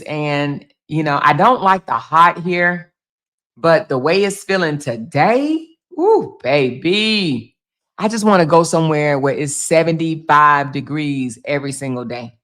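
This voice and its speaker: A woman's voice: deep voice, fairly bright tone. A woman from Chicago hosting a casual livestream from home, reading out chat comments and reacting in an emphatic, chatty way, swearing freely and calling viewers baby and girl. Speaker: blogger and livestream host. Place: home, indoors.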